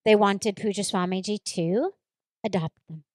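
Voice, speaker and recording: A woman's voice: mid-range voice, normal speed, a little mellow, no room sound. A woman spiritual teacher giving a reflective talk, earnest and repeating phrases for emphasis as she tells a personal story.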